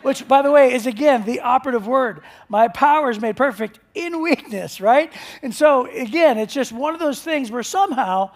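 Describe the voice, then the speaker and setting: A man's voice: very high-pitched, moderate pace, hardly any pauses. A man preaching a sermon as pastor, talking in a conversational, joking storytelling way.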